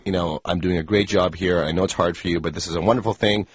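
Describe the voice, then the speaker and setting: A man's voice: low-pitched, fairly even intonation, fast talker, breathy edge, dry recording. A man playing a pushy, boastful friend who shows off his schoolboy French in a scripted radio comedy. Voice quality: smug, teasing, self-assured. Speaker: eager friend offering to translate.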